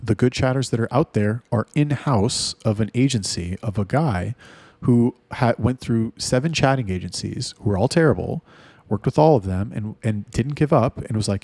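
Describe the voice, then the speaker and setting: A man's voice: medium pitch, lively intonation, normal speed, mellow, no echo. A man ranting in a casual, blunt and heavily profane monologue. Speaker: talk host.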